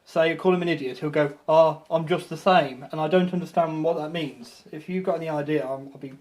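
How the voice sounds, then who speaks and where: A man's voice: a little high, steady tone, fast talker, a little mellow. A man co-hosting a casual model railway live stream, teasing the host and laughing often. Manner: teasing, giggly, playful.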